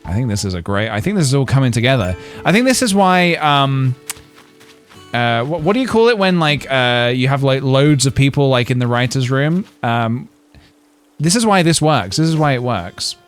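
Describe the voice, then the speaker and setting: A man's voice: medium pitch, animated, moderate pace, soft background music. A man, streaming a game and chatting casually in a playful, rambling way full of jokes and fillers. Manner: playful, jokey, rambling with frequent laughs and fillers. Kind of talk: casual gameplay livestream chat.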